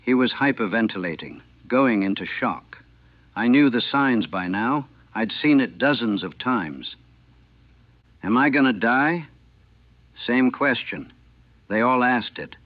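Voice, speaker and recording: A man narrating his wartime memories as a chaplain in a somber, measured, grave way. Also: medium pitch, animated, dry recording. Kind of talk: first-person war memoir narration. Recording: narrow phone-like band, dry.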